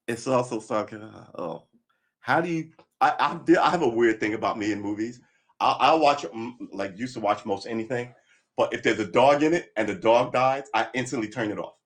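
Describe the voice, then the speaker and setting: A man chatting on a live stream, rambling and thinking aloud, gruff and blunt, swearing freely as he talks to himself. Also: mid-range voice. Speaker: livestreamer practicing guitar.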